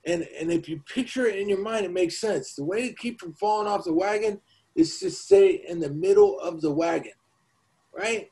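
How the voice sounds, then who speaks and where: Man, high voice, casual emphatic podcast co-host, swears freely. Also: expressive, moderate pace, a little mellow, poor audio. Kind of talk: casual recovery talk.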